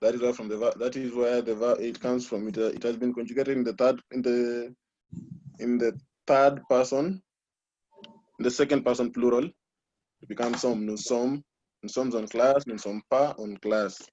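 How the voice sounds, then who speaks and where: A man's voice: medium pitch, flat delivery, normal speed, mellow. A man teaching a French class online, patiently correcting students and repeating answers. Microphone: video call. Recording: muffled video call audio.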